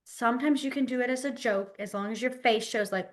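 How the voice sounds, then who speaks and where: Female teacher, lively and giggly, acts out examples, slightly high voice, webcam call. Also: brisk. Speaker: sign language teacher. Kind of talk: online class instruction. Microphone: webcam mic on a video call.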